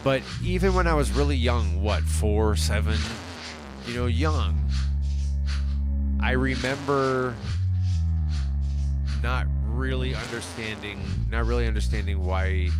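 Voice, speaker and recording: A lower-voiced man chats casually with his stream audience, reading out their comments and wandering off into long musings. He often breaks off and restarts his sentences as thoughts come to him. Loud synthesizer music plays under his voice throughout. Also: slow, long pauses. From United States. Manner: musing, rambling, self-interrupting. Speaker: livestream host. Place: home music studio.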